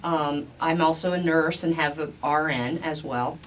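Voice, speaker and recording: A woman's voice: low voice, fairly even intonation, measured pace, low-quality recording. Woman doctor guest on a podcast, rambly with lots of ums, bit of hiss behind. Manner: chatty, many fillers and restarts. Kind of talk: casual podcast chat.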